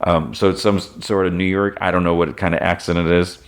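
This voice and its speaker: A man's voice: low-pitched, flat delivery, a little fast. A man hosting a podcast, casually retelling a show's episode in a rambling way, full of "like" and self-corrections. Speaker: podcast host.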